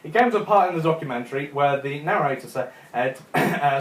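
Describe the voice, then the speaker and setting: Chatty young comedian in an echoey club. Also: male voice, a little high, expressive, a little fast. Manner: chatty, chuckling at his own jokes. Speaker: stand-up comedian. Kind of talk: stand-up comedy set. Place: comedy club room with a live audience.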